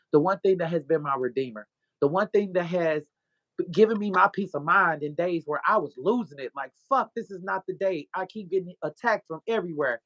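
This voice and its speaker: A woman, a podcast guest and author, telling an animated, profane story of her faith. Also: low voice, no echo, muffled recording. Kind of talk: casual testimony.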